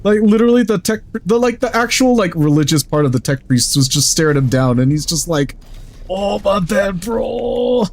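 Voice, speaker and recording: A man streaming a video game in casual chat, excitable, swearing freely and laughing often while he yells at the game. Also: on the high side, a little fast, hardly any pauses.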